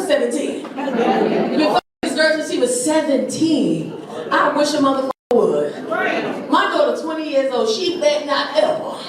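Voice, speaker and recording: A woman in her forties doing a stand-up set, brash and profane as she tells stories. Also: high-pitched. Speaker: stand-up comedian. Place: comedy club stage. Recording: echoey room, distant mic, audience. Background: audience laughter.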